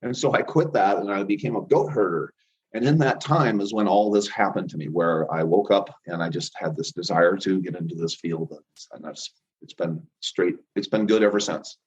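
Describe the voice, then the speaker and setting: A man's voice: sits low, moderate pace. A middle-aged man telling rambling stories about his path to healing work, often acting out the voices of people he quotes. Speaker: interview guest, chiropractor and healer. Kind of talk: casual storytelling interview. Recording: dull lo-fi audio.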